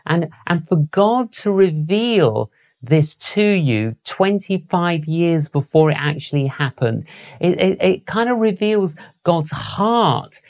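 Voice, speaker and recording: A man hosting an interview and asking measured, deliberate questions. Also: a little high, very animated, a little mellow. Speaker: interview host.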